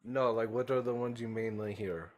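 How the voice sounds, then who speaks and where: A man calling into an online debate, asking questions in halting, broken phrasing. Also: mid-range voice, steady tone. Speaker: caller.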